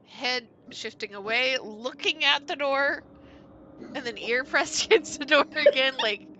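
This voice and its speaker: A woman's voice: fairly high pitch, dull audio, slight background noise. A woman playing a tabletop game, chatting casually with lots of laughter and casual swearing. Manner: giggly, animated, swears casually. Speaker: player.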